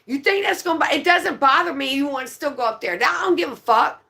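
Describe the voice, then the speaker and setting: A woman's voice: sits high, quick pace, creaky, pushed and bright. A woman venting in heated, profane rants while chatting at home.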